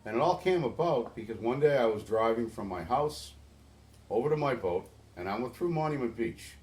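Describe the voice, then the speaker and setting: A man's voice: medium pitch, animated, normal speed, darkish tone. A middle-aged man from New England, a guest in an interview, telling a long story earnestly and with feeling, often restarting his sentences. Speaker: interview guest, boatyard volunteer organizer.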